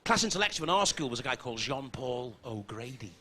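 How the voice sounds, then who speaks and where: A man's voice: mid-range voice, sing-song, quick pace, pushed and bright, slight background noise. A man with a Scouse accent doing crude, brash stand-up comedy on a theatre stage. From Liverpool, England. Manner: brash, crude, swearing punchlines.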